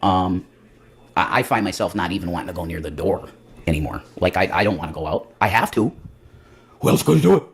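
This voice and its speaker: A man's voice: sits low, a little fast, a bit bright. A man hosting a livestream, rambling casually with lots of profanity and self-mockery. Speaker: livestream host.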